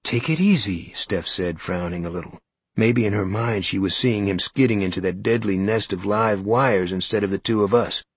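A man narrates a first-person story in an even, measured manner. His voice is low and husky. The recording is close and dry, with no room sound. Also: dry recording. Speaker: audiobook narrator.

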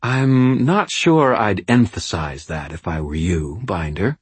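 A man's voice: on the low side, animated, slow, slightly rough, no echo, full character voice. A man reading an audiobook voicing a haughty, mocking wealthy woman with a cold, waspish manner. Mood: impatient, scornful.

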